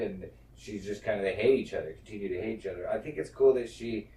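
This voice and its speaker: Low-voiced man in an echoey room. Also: fast, hardly any pauses, warm tone. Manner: swears freely, acts out characters' lines. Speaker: podcast co-host. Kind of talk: casual show recap chat. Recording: roomy echo, distant mic.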